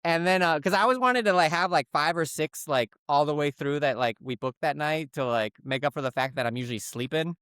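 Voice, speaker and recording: A man's voice: fairly high pitch, fairly quick, hardly any pauses, fairly bright tone, smooth, dry recording, studio quality. A man co-hosting a podcast, telling a story in casual chat and acting out phone calls in put-on voices. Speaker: podcast co-host.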